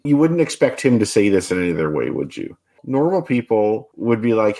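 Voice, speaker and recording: Male co-host, casual podcast chat, explains things quickly and thoughtfully, mid pitch. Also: very animated.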